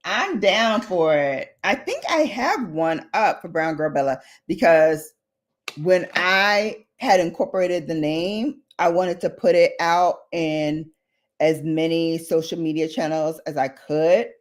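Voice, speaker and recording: Slow-talking low-voiced woman vlogger. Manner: chatty, reads viewer comments aloud, drifts onto tangents. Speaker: beauty vlogger hosting a livestream. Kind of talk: casual chat while doing makeup.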